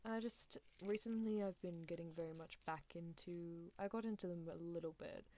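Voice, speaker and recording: A woman on an ASMR stream, rambling in a soft voice and giggling often. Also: on the low side, steady tone, moderate pace, slight background noise. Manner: rambling, giggly, self-deprecating.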